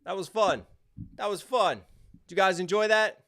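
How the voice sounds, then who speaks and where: A man's voice: sits high, normal speed, over music. A young man hosting a livestream, chatting casually and reading out viewer names and donations. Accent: American.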